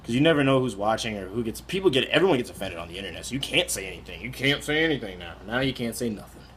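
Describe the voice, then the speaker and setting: Young man, vlogger, casual talk to camera, candid and rambling, mid-pitched voice, faint hiss behind. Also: expressive, racing, a bit bright. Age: 20s. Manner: candid and rambling, many restarts and "like"s.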